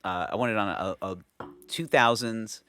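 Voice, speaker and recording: A man's voice: lowish voice, unhurried, bright, forceful tone. A man co-hosting a podcast, rambling and joking in casual chat. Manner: jokey, rambling, slips into quoted voices. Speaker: podcast co-host.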